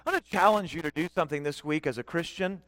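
A middle-aged man preaching a sermon as guest pastor, emphatic, slowing down to stress key words and questioning the congregation. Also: on the high side, a bit bright, no room sound, clean studio sound, big-room sound. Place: church sanctuary.

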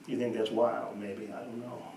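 Man preaching, roomy echo, mic at a distance, faint background hum, hushed then emphatic. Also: on the low side, level tone, normal speed, gravelly. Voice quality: storytelling with shifts between hushed and emphatic delivery. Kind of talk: sermon. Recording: echoey room, voice from a distance.

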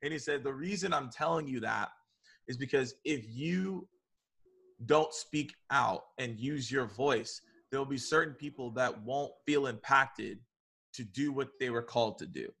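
Male interview guest, energetic and animated storyteller, bright tone. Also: mid-range voice, unhurried. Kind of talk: conversational interview.

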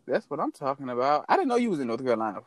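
A man's voice: mid-range voice, big pitch swings, racing, a loud crowd. A man from St. Louis hosting his podcast in casual chat, loose, profane and slangy. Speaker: podcast host. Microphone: phone call recording.

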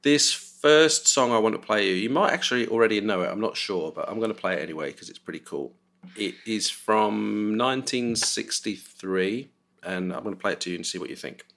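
Middle-aged dad on a podcast, lowish voice, jokey and laughing at himself. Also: male voice, fairly quick, gravelly, fairly bright tone. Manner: jokey, chuckling, self-mocking. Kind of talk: casual chat.

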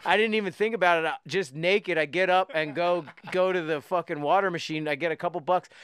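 Man, high bright voice, smooth and dry, cursing storyteller acting out every quote. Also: a little fast, dry recording. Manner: animated, profane, acts out quotes with big jumps in pitch. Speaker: podcast co-host telling a story. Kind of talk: casual storytelling chat.

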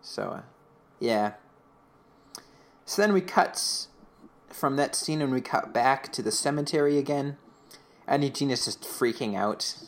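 A man co-hosting a podcast, recapping an episode in casual chat, rambling with lots of fillers and slipping into quick voices for quotes. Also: medium pitch, expressive. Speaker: podcast co-host.

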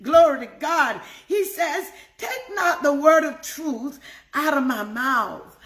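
Woman, devotional sermon, prayerful, repeats phrases, high pitch, echoey room. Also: animated, slow, a bit bright, a little hiss or hum. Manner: fervent, prays aloud, repeats phrases. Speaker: devotional teacher.

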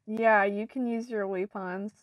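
A woman's voice: mid-range voice, fairly even intonation, a little slow, no echo, clean studio sound. A woman running a tabletop game as game master, laid-back and hesitant, with many fillers. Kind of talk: casual tabletop game narration.

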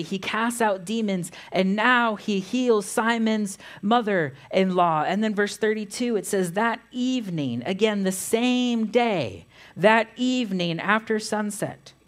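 Lady pastor preaching real slow, steady middle pitch, reads scripture out. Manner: measured, reads scripture aloud. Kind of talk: sermon.

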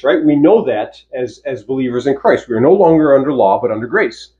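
A male pastor delivers a sermon with a fairly high voice, leaning hard on key phrases and drawing them out for emphasis. He poses rhetorical questions to his listeners. The recording sounds dull and lo-fi. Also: lively intonation, moderate pace, darkish tone. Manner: asks rhetorical questions to the congregation.

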